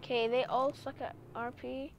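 A woman's voice: sits high, level tone, moderate pace, highs cut off. A woman giving casual gameplay commentary as a gaming YouTuber, chatty and reading internet slang aloud. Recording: loud game car-engine noise behind.

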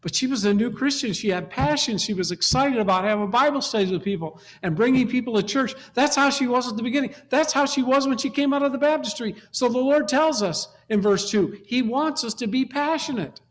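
A man preaching a sermon, emphatic, repeating key words and swinging from quiet low passages to loud exhortation. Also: fairly quick, few pauses.

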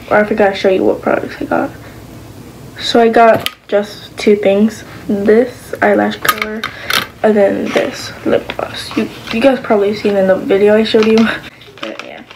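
A woman's voice: medium pitch, background noise. A woman vlogging in a casual chat to the camera, rambling along with lots of fillers and restarts.

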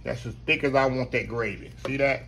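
This male cooking show host talks briskly in a creaky, medium-pitched voice with fairly even intonation, and the recording is very noisy. He hosts a casual cooking demo in a folksy way, addressing viewers head-on and saying "y'all" all the time.

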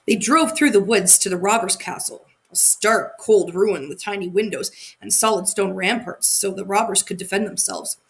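A woman narrating a fairy tale aloud, expressive and sometimes correcting her own slips. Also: mid-range voice, moderate pace, vocal fry, hardly any pauses. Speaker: audiobook narrator. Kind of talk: storybook reading.

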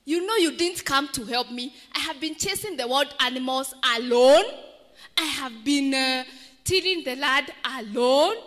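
A woman's voice: sits high, a little slow, a bit bright. A woman acting out a male beggar who turns ungrateful and stubborn, in a children's story told in church. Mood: defiant. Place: large echoey church. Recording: echoey church hall.

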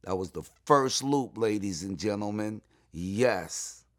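A middle-aged man from New York telling stories in an interview, excitable and full of asides, often jumping up high when he quotes people. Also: takes it slowly. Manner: excitable, repeats "you know what I'm saying", jumps to high voice when quoting. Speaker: interview guest. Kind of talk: animated storytelling.

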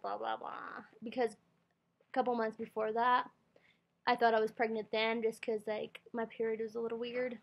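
A woman's voice: on the high side, steady tone, a little slow, creaky. A young woman telling a rambling storytime vlog into her computer's built-in mic, full of fillers and quoted self-talk. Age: young adult. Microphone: computer webcam mic.

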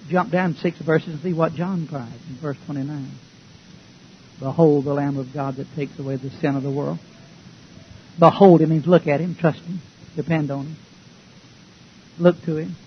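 Fiery folksy preacher, lo-fi recording. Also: male voice, fairly high pitch, steady tone, normal speed, pauses often. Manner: folksy, emphatic preaching with rhetorical questions. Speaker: pastor. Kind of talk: sermon. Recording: dull lo-fi recording with faint hiss.

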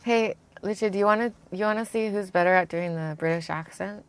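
A woman's voice: mid-range voice, a little hiss or hum. An American woman streaming a cooking video game, chatting casually in a playful, giggly way. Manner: playful, giggly, quick asides.

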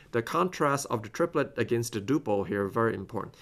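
A man's voice: mid-range voice, animated, fairly quick, a bit bright. A man teaching clarinet in a masterclass, explaining phrasing step by step and singing passages on scat syllables. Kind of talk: recorded masterclass instruction.

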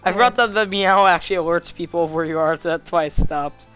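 A woman's voice: on the low side, fast talker, a bit bright, clear, resonant tone, faint music behind. A young woman hosting a casual gaming video, joking around and playfully meowing. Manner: goofy, joking, breaks into silly meowing. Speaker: gaming channel host. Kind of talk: casual game commentary.

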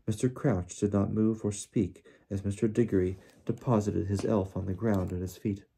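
A man narrating an audiobook in a measured, deliberate reading. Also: lowish voice, warm tone, breathy edge. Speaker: audiobook reader.

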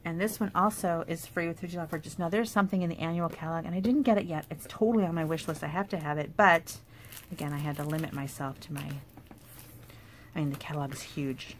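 A woman casually showing off paper craft products in a chatty, enthusiastic way, with fillers and quick asides. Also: low voice, fairly even intonation, noisy background. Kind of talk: casual product show-and-tell.

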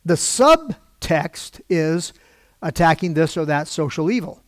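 A slightly high male voice with lively intonation, taking his time, no echo present. He's a pastor giving a storytelling sermon at the church pulpit, chatting his way through the tale and acting out what people said.

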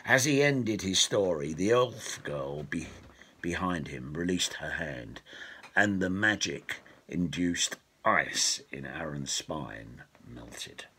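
A man reading his own storybook aloud, slow and expressive. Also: deep voice, slightly rough. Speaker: author and storyteller. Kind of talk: storybook narration.

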